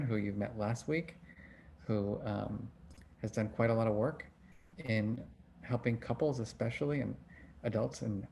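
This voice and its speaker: A man's voice: mid-range voice, gravelly, slight background noise. A middle-aged man hosting an online book club over a video call, teaching in a casual, conversational way and asking his audience questions. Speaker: book club host and emotion researcher.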